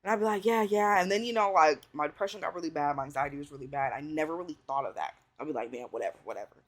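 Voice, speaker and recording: Woman about 30 chatting to the camera, swears a lot, says like constantly, jumps up high when she gets worked up. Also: rapid-fire. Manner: blunt, heavy swearing, conversational filler "like" and "you know"; swings into high excited pitch when riled up. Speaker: vlogger. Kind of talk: casual chat, advice to viewers.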